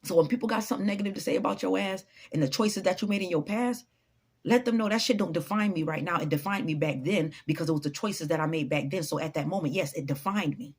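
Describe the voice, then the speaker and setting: A woman's voice: on the low side, quick pace, husky. A woman giving an unscripted motivational talk to her followers, blunt, profane and preachy. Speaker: motivational vlogger.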